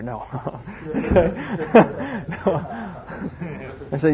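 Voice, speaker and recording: A man's voice: fairly high pitch, big pitch swings, drawn-out words, long pauses, a little mellow. A middle-aged man giving an earnest, plain-spoken Christian teaching talk full of family stories. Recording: dull lo-fi recording.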